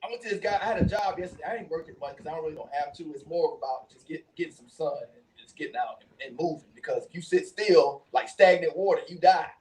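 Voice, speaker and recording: High-pitched guy chatting away on a talk show, animated, laughs a lot, sounds a bit far from the mic. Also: fast talker, hardly any pauses. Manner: animated storytelling, laughs often. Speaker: co-host. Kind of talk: casual chat.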